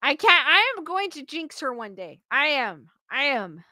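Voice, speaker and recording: A woman's voice: sits high, sing-song, a little slow, bright, forceful tone, dry recording, studio quality. A young woman hosting a casual livestream, chatting and giggling as she reads out viewers' comments. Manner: chatty, giggly, quotes chat names aloud. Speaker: livestream host.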